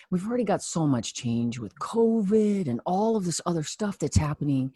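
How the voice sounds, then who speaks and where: An earnest, reflective voice that explains a point through a personal story, pausing often to think and letting out soft sighs. The pitch sits in the middle range. The sound is dry and close to the microphone, with no room echo. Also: lively intonation, slightly rough. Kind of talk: conversational teaching with personal story.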